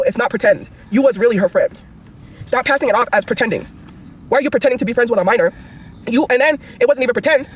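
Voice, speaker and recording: A woman's voice: mid-range voice, slightly rough. A woman livestreamer ranting angrily and profanely, rambling from one grievance to the next.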